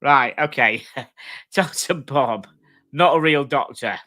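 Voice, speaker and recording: Slow-paced and mid-range, this man's voice comes across pushed and bright as he hosts a casual stream from home with his dogs. He reads comments aloud and trades foul-mouthed, blokey jokes with viewers, laughing frequently.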